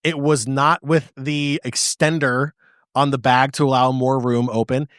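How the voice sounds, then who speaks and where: A man from the United States co-hosting a podcast, telling a story in casual chat with lively restarts. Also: medium pitch, a little slow, clean tone, no echo, clean studio sound. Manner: animated storyteller with frequent restarts. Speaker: podcast co-host.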